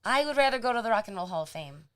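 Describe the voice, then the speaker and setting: A woman's voice: on the high side, expressive, very fast, a bit bright. A woman co-hosting a casual chat show, playful and teasing, laughing often. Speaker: podcast co-host.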